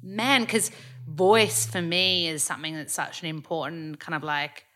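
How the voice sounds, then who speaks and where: An Australian woman hosting a podcast, chatting casually and telling stories in an animated way. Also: sits low, moderate pace. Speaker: podcast host. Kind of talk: casual interview chat.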